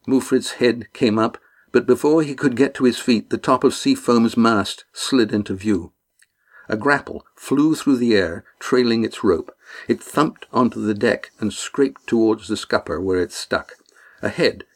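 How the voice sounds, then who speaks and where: A man reading a novel chapter aloud as narrator, in a measured, dramatic storytelling manner. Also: fairly low pitch, slightly rough. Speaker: audiobook narrator. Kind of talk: scripted narration.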